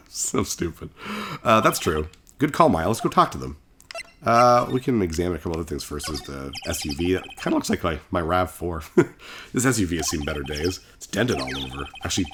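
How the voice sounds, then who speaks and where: Low-voiced man rambling over a game. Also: big pitch swings, brisk, fairly bright tone, slight background noise. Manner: rambling, chuckling, self-correcting. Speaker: gaming channel host. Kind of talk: casual let's-play commentary reading game dialogue.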